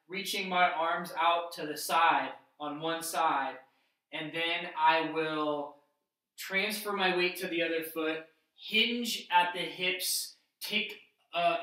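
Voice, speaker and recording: A man talks through a workout as he demonstrates each move, explaining it step by step. His voice is bright and fairly high, and it sits back from the mic in a very echoey room. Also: far from the mic. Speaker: fitness instructor. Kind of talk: instructional workout demo.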